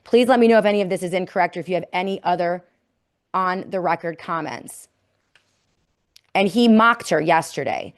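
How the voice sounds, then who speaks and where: A woman's voice: on the low side, moderate pace, long pauses. A woman hosting a political commentary podcast, talking emphatically and reading quotes aloud with indignation. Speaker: podcast host.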